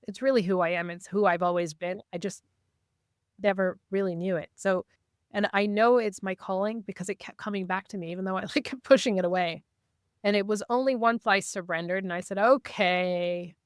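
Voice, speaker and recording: A woman guest in a casual interview, telling stories in a lively way and acting out what people said. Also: mid-range voice, fairly quick, clear, resonant tone, no room sound, clean studio sound. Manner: lively, acts out quoted dialogue. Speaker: podcast guest, intuitive reader.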